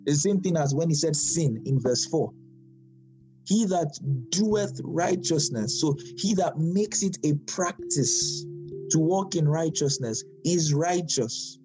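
A man with a slightly high, mellow voice teaches scripture verse by verse. He talks in a relaxed, conversational way, repeats key phrases and asks his listeners questions. Faint instrumental music plays behind him. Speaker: Bible teacher.

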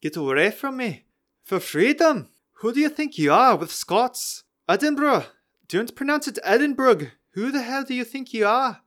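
A man putting on an angry, shouting Scotsman, gruff and defiant, in an exaggerated mock voice. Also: extremely high pitch, lively intonation, normal speed, voice pushed up.

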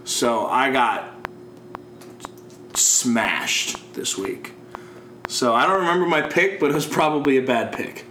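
A young man co-hosting a podcast, excitable and hyped, chatting casually about sports bets. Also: medium pitch, slow, long pauses. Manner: excitable, hype, talks in bursts. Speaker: podcast co-host. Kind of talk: casual sports betting chat. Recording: echoey room with background noise.

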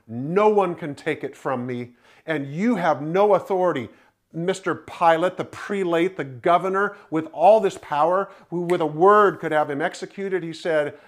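A man's voice: a little high, unhurried. A man preaching a sermon, emphatic and repeating his key points while walking listeners through the blanks in their notes. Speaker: pastor.

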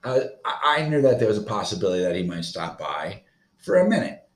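A man's voice: lowish voice, very animated, a little fast, roomy sound. A man in his thirties from Florida, hosting a solo podcast in a profane, rambling, agitated rant. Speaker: podcast host.

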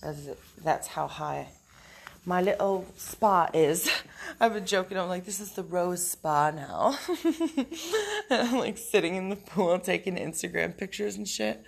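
A woman's voice: lowish voice, unhurried, creaky, husky. A woman telling a story in a casual vlog, blunt, profane and rambling, recorded outdoors in nature. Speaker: vlogger.

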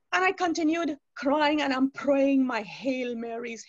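Woman, fairly high voice, storytelling testimony, dry muffled lo-fi sound. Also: normal speed, few pauses, no room sound. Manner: storytelling, acting out quoted dialogue. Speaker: speaker giving a personal testimony. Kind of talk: spoken testimony to a youth webinar.

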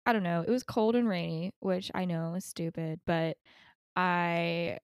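A woman's voice: lowish voice, steady tone, unhurried, smooth, dry recording, studio quality. A young woman co-hosting a podcast, chatting casually and rambling with frequent laughs. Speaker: podcast co-host. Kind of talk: casual chat.

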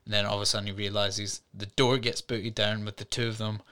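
A man talks through a film with a bright, crisp voice, like a co-host on a casual studio review show. He tells it as an animated story, stumbling over fillers and chuckling as he goes. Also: lowish voice, brisk. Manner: animated storyteller, retells scenes with fillers and laughs. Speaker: podcast co-host.

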